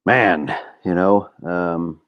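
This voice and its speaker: A middle-aged podcast host delivers a casual monologue in a deep voice, speaking extremely slowly, with the highs cut off the recording. He rambles candidly, using lots of fillers and swearing.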